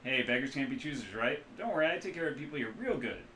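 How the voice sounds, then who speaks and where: A man voicing a cheerful, hungover, middle-aged male back-alley doctor with a loud, folksy Midwestern accent and a boastful manner, in a roomy-sounding room. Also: mid-range voice, lively intonation, fast, slight background noise, pitched above the performer's own voice. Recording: roomy echo.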